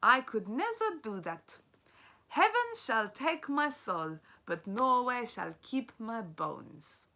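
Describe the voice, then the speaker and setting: Woman playing an elderly grandmother with a Norwegian accent, stern and loving, slow, weighty lines. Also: fairly high pitch, sing-song, sharp tone, pitched above the performer's own voice, full character voice. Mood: grave. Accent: attempted Norwegian. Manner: slow, grave, emphatic.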